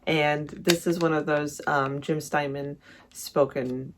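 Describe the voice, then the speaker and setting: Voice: mid-range voice, fairly even intonation, takes it slowly, background noise. A vlogger ranking songs in casual, rambling commentary, correcting themselves often and gushing about favorites. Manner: rambling, self-correcting, enthusiastic. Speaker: music reviewer vlogger.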